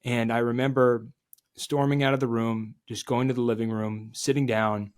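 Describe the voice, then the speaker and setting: A man as a podcast guest, telling a candid, confessional story and dropping quiet and low at the emotional moments. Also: fairly even intonation, normal speed.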